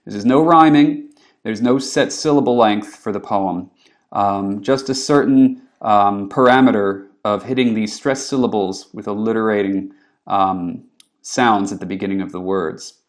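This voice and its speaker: Male lecturer, lowish voice, loose chatty classroom delivery. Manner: relaxed, frequent ums, reads Old English verse slowly. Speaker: literature lecturer.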